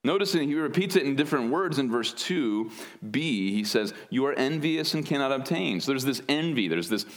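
Male pastor, mid-pitched, earnest verse-by-verse sermon delivery. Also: lively intonation, moderate pace. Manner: earnest teaching with word studies and wry asides. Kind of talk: expository sermon.

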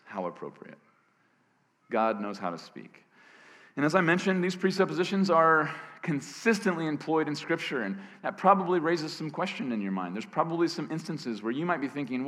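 A man preaching from the pulpit, his voice worn hoarse and scratchy from cheering. His pitch sits in the middle of a man's range, and he swings between loud emphatic bursts and soft, hushed lines. The sound rings with the long reverb of a big hall. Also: animated, normal speed. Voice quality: gravelly, scratchy. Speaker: pastor. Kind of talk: sermon.

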